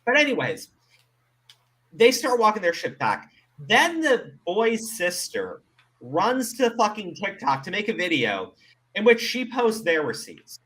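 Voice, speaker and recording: A man's voice: high-pitched, pushed and bright. A man hosting a commentary show, ranting with exasperation and plenty of profanity.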